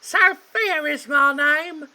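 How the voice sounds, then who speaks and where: A man putting on a high falsetto to voice a young maid in a game. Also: slow, pushed and bright, full character voice. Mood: prim. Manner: shrill falsetto.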